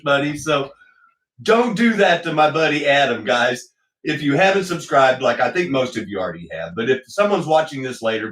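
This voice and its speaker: A man with a mid-range, fairly bright voice hosts a casual livestream from his home hobby room, which has a slot car track. He rambles, uses lots of fillers, and greets chat viewers, and the room is echoey, with his voice picked up from a distance.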